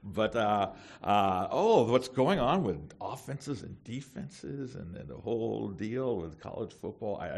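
A middle-aged male pastor preaching to seminary students in a fairly low voice. His delivery is emphatic and animated, punctuated with rhetorical questions. A sermon style that pushes the listeners to apply themselves. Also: breathy edge.

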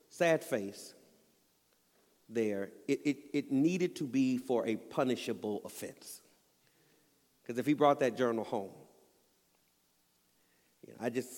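A man preaching in a church sanctuary, his voice carrying a long hall reverb. He tells stories earnestly and rises to emphatic peaks. His pitch sits mid-range for a man. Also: a little mellow. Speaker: pastor. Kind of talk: sermon.

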